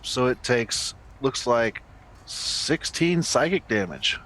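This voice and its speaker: Slow, matter-of-fact male player. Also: mid-range voice, animated, fairly bright tone.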